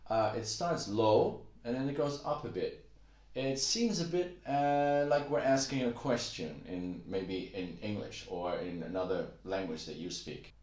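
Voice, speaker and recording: A man teaching Mandarin tones in a casual video lesson. He explains in a relaxed way with many "uh" fillers, then breaks into high, exaggerated tone demonstrations. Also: a little slow, roomy sound.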